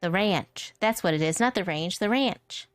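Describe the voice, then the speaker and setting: A woman's voice: on the low side, normal speed, smooth, no room sound, faint music behind. A woman streamer chatting casually and playfully while drawing, rambling from one joke to the next and laughing often. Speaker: vtuber streamer.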